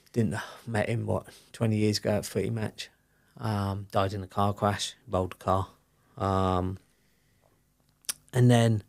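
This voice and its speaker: Middle-aged guy, gravelly voice, telling his story openly with lots of ums and you knows. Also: on the low side. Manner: open, rambling storytelling with many fillers. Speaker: podcast guest. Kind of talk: candid personal conversation.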